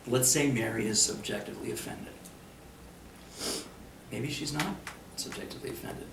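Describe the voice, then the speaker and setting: A man's voice: medium pitch, moderate pace, vocal fry. A man runs a workplace training in front of a live room, turning his teaching into jokes. He acts out sample remarks himself. The mic sits well back, so the room rings around his voice with a faint hum of ambience. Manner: joking, animated, acts out example lines. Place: meeting room with audience. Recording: roomy, mic far from speaker.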